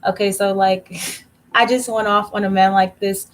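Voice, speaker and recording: A woman tarot reader chatting casually on a livestream, telling a story in a blunt, profane rant and slowing down to stress her points. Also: medium pitch, flat delivery.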